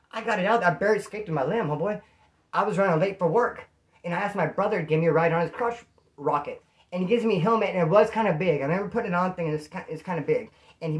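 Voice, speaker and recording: A man telling stories to the camera in a casual, slangy way, acting out quotes in a raised voice. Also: fairly high pitch. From California. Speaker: storyteller.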